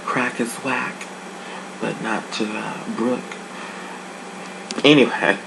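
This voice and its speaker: A sassy, dishy adult reviewer talking casually and swooping the voice up and down to make points. The voice sits in an ordinary middle register. A clear hiss of room noise runs under the speech. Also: steady tone, takes it slowly. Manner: sassy, dishy, big pitch swings. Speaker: online show reviewer.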